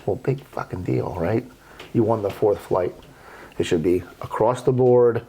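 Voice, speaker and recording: A middle-aged man telling golf stories casually on a podcast, animated and blunt with frequent swearing. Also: lowish voice, measured pace, slight background noise. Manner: profane, animated storyteller. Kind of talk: casual storytelling.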